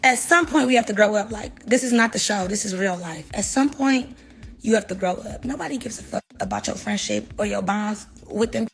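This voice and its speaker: A woman's voice: mid-range voice, fairly quick, a little hiss or hum. A woman in a heated, profane rant, cursing and lecturing in a casual way.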